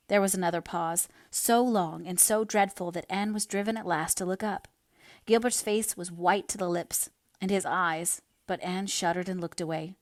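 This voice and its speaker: A woman reading a novel aloud as narrator, in a measured, expressive way. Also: fairly low pitch, no room sound, studio quality. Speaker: audiobook reader. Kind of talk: storybook narration.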